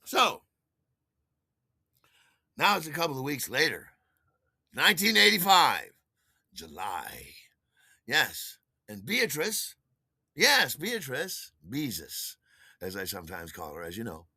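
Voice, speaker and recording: A man in his sixties, a podcast host, telling a personal story in an animated way and acting out the dialogue. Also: mid-range voice, a little slow, pauses often, husky, dry recording, studio quality. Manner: animated, acts out dialogue with shouted outbursts.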